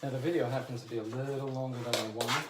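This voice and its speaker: A man's voice: mid-range voice, fairly even intonation, quick pace. A male wallpaper installer giving a chatty hands-on how-to demonstration, talking to viewers while he works and joking in asides. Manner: talks while working, drifts from the mic. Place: indoor room being wallpapered. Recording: echoey room with background noise.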